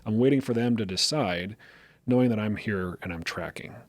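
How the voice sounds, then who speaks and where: A middle-aged man co-hosting a casual podcast conversation, telling lively everyday stories and illustrating them as he goes. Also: on the low side, moderate pace, dry recording. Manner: lively storyteller, acts out parent voices. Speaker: podcast co-host.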